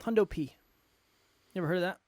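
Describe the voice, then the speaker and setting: Playful upbeat podcast man, slightly high voice. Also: fast, darkish tone, dry recording. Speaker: podcast co-host and coach. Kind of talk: motivational podcast talk.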